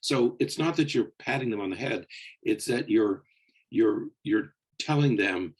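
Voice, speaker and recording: A man's voice: fairly low pitch, expressive, measured pace, husky. A man co-hosting a psychology podcast, explaining patiently and checking in with listeners in a conversational way.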